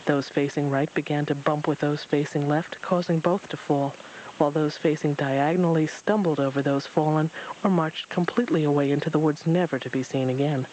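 A man reads a storybook aloud in a steady, expressive way. His voice sits a little higher than usual for a man. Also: brisk, a little hiss or hum, rough recording. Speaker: narrator. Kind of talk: storybook reading.

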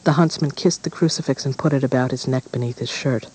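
Man reading a dark fairy tale. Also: medium pitch, quick pace, a little hiss or hum, rough recording. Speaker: narrator.

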